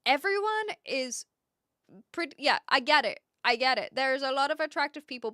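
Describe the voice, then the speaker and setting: A woman's voice: sits high, pushed and bright, dry recording, clean studio sound. A woman with an Australian accent, chatting casually on a livestream and answering viewers' comments aloud. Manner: chatty, reads chat aloud and replies, laughs often. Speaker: livestream host. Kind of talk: casual chat with live viewers.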